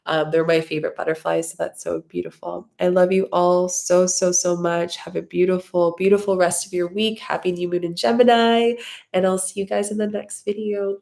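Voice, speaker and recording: A woman's voice: fairly low pitch, little pitch movement, moderate pace, vocal fry, darkish tone. A woman hosting a live stream, answering viewer comments in a loose, rambling way, effusive and openly emotional with lots of gratitude. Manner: loose, rambling with many fillers. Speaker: spiritual mentor and channel host.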